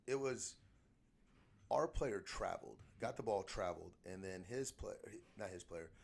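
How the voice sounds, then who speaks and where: Podcast host, middle-aged, low raspy voice, chatty storyteller. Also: male voice, moderate pace. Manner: chatty storyteller, animated anecdotes. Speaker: podcast host, shooting coach. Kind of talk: casual podcast conversation.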